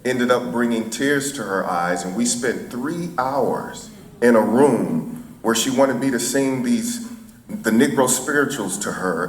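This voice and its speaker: A middle-aged man from St. Louis, a chaplain, telling a folksy story to an audience. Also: on the low side. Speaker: chaplain and speaker. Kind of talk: storytelling before a speech. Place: event hall. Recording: echoey hall, faint ambience.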